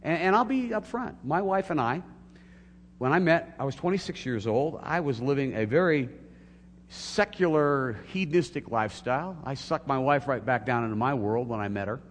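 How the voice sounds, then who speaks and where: Earnest pastor preaching in a reverberant hall. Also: male voice, medium pitch, moderate pace. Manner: earnest, building to emphatic peaks. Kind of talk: sermon. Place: church sanctuary. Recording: long hall reverb, faint hum.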